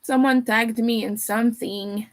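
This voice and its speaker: A young woman chats casually with her live viewers, talking while she eats. Her voice sits a little high, and she takes her time. She speaks at an unhurried, relaxed pace. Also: low-quality recording. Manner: chatty, talks while eating. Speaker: livestreamer and crocheter. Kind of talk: casual livestream chat.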